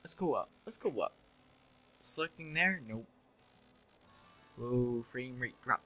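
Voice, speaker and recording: A man's voice: medium pitch, lively intonation, takes it slowly, sharp tone, soft background music, low-quality recording. A young man giving casual, joking commentary while playing a video game, sarcastically mocking the characters. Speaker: let's play commentator.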